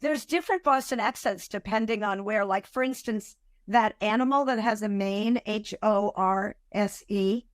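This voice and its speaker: A woman from Massachusetts, a former radio news director, chatting as a podcast guest in a clear, measured way. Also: mid-range voice, no echo, clean studio sound. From Massachusetts, USA. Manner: articulate, measured radio-trained delivery. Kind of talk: casual interview chat.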